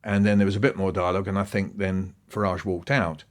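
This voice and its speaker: Animated man, low voice. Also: fairly quick. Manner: animated storytelling, swinging pitch. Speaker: guest. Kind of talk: conversational podcast interview.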